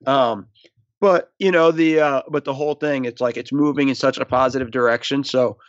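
A man's voice: mid-range voice, fairly even intonation, normal speed, no room sound. Rambling man with a muffled, dry sound. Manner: rambling, many fillers and restarts. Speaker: guest, former team video coordinator. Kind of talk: casual interview.

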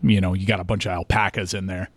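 A man's voice: low voice, flat delivery, quick pace, no room sound. A man co-hosting a radio show, joking in a sheepish way. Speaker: radio co-host. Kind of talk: casual radio chat.

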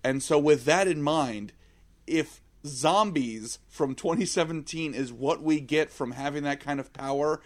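A man's voice: on the high side, a little slow. A man co-hosting a casual film-review podcast, leading the talk with crude, irreverent jokes. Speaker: podcast co-host.

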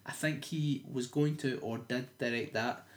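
A man's voice: medium pitch, steady tone, a little slow, roomy sound. A young man co-hosting a casual podcast chat, sarcastic and sweary, sometimes reading aloud in a mock-dramatic voice. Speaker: podcast co-host.

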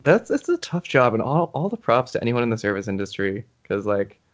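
A man's voice: mid-range voice, big pitch swings, fairly quick. A young man answering interview questions in a thoughtful, hesitant way, restarting his sentences. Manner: thoughtful, hesitant, restarts often, gets emotional. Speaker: interview guest, YouTuber.

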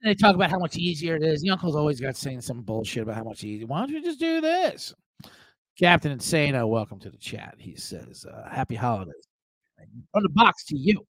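A man's voice: mid-range voice, fast talker, no echo, poor audio. A man hosting a sports betting show, ranting comically with lots of swearing and mimicking relatives. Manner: profane, animated, mimics family members. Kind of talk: comedic live-stream rant.

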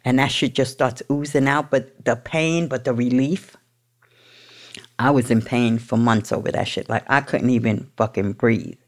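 A middle-aged New York woman with a rumbling low voice speaks at a moderate pace as a guest, telling her own story candidly in a blunt, swearing, streetwise manner.

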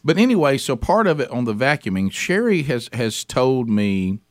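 A man's voice: medium pitch, sing-song, normal speed, no room sound. A male radio host tells a rambling story into a studio microphone. He keeps restarting his sentences, and the sound is close and dry. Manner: rambling storyteller with many restarts and mock shrieks. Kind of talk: casual studio chat. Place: broadcast studio.

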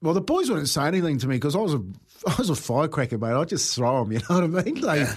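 A man's voice: on the high side, big pitch swings, fast talker, husky. A middle-aged man co-hosting breakfast radio, telling rambling, laugh-filled stories and saying "mate" a lot. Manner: rambling storyteller, laughs often, says "mate". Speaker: radio co-host. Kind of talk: casual breakfast radio banter.

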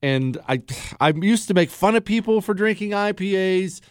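A man's voice: high-pitched, animated, moderate pace, clean tone, dry recording. A man hosting a talk radio show, sarcastic and bantering with his producers in the studio. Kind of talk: casual talk radio monologue. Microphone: studio microphone.

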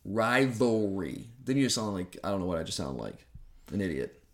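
Man, sports podcast host, rapid talk, rambling and opinionated. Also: low-pitched, very animated. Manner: rambling, opinionated, self-deprecating. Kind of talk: casual sports podcast chat.

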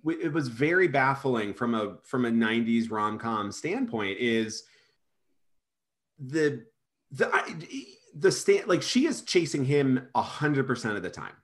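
A man's voice: medium pitch, measured pace. A man co-hosting a casual film review chat, incredulous, with frequent restarts. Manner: incredulous, restarts often, lively intonation. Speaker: podcast co-host reviewing a film.

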